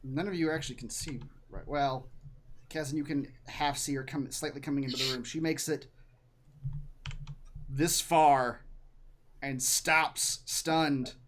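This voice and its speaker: A game master narrating an online tabletop game with hesitant pauses and fillers over a voice call. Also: medium pitch, a bit bright. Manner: hesitant, many fillers, chuckling. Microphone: computer mic on a voice call.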